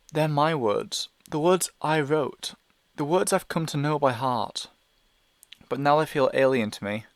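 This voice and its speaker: Male audiobook reader, mid-pitched, anxious narration, dry booth sound. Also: no room sound. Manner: anxious, hesitant inner monologue. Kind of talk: first-person novel narration.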